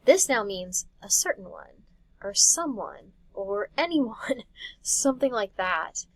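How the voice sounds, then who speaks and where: Woman teacher, mid pitch, relaxed patient explainer, recorded close and dry. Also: slow, no room sound, low-quality recording. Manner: casual, patient step-by-step explaining with small laughs. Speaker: Greek teacher. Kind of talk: recorded classroom lecture.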